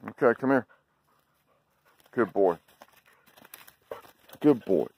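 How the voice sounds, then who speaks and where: Slow-drawling Southern man talking to his dog. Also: medium pitch, expressive, darkish tone, a little hiss or hum. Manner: drawling, talks to his dog in short coaxing calls. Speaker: dog owner vlogger. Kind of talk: casual talk while playing fetch with his dog. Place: outdoors on a sunny day.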